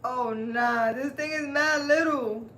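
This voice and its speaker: Speaking slowly in a high-pitched, fairly bright voice, a woman who hosts a channel as a spiritual healer chats casually with her live viewers, animated and laughing often. A little hiss or hum is audible.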